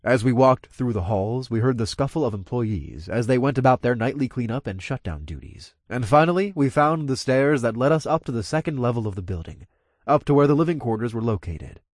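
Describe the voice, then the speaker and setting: A man narrating first-person fiction as an audiobook, with expressive storytelling. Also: mid-range voice, fairly quick, dry recording, studio quality.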